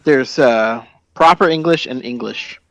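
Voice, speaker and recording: A man's voice: mid-range voice, measured pace, gravelly, fairly bright tone, dry recording. A man co-hosting a casual podcast, sarcastic and profane. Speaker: podcast co-host. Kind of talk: casual chat.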